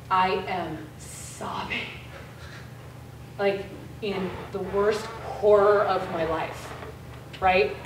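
Animated woman lecturing in an echoey room. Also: medium pitch, far from the mic, noisy background. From United States. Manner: animated storyteller, casual and frank with mild swearing. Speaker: guest lecturer. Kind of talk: storytelling lecture to a class.

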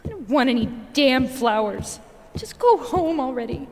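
A woman's voice: high-pitched, big pitch swings, normal speed, a little hiss or hum. An actress voicing a bitter, desperate young woman dying in hospital, who lashes out and then begs, in a video game cutscene. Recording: game audio with long reverb.

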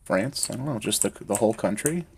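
A man's voice: on the low side, lively intonation, a little fast, vocal fry, background noise. A man live-streaming a game from home, chatting casually and cracking jokes with lots of swearing. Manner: joking and profane. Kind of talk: casual gaming chat.

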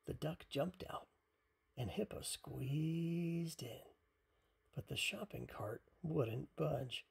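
A parent reading a picture book aloud at bedtime, softly and half-whispered. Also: mid-range voice, creaky, breathy edge. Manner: soft, half-whispered, unhurried.

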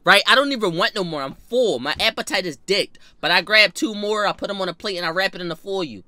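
A young man telling a funny personal story in a storytime vlog, animated and profane with sudden jumps in pitch and loudness. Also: quick pace, no room sound. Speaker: vlogger.

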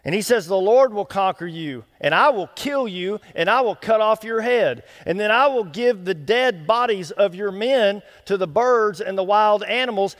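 A male associate pastor preaching a sermon, telling the story with lively folksy asides and acting out the quotes. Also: high-pitched, normal speed, few pauses. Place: church sanctuary. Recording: long reverb of a church hall.

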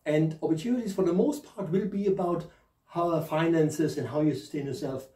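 German guy w a little lisp doing a chatty tarot reading, kinda high voice, roomy echo. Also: moderate pace, mellow, distant mic. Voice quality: slight lisp from new dentures. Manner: chatty, jokey, laughs at himself. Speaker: tarot reader and host. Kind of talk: casual spoken tarot reading.

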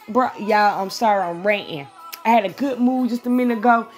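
A woman's voice: mid-range voice, a little fast, soft background music. A woman venting to her viewers in a casual, blunt, profane way, then drifting into a tarot reading. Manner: animated, blunt and profane, talks straight to her audience. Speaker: vlogger doing a live tarot reading.

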